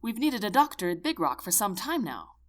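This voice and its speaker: A woman's voice: mid-range voice, very animated, a little fast, close to an everyday voice. A woman voicing a stern, commanding army general. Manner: loud, clipped, commanding. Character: gruff stern male army general, demanding.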